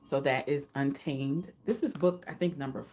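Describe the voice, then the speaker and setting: A woman reviewing romance novels in a casual vlog, retelling the plots in an animated way and slipping into the characters' quoted lines. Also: low voice, moderate pace. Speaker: book reviewer.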